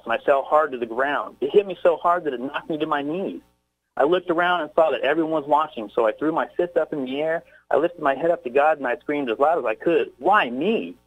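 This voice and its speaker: A man of middle pitch reads his own heartfelt poem as a radio guest, his voice rising with feeling. He speaks hesitantly when not reading and reaches for words. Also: narrow, tinny audio. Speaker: poet guest. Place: Texas, by phone into a radio show.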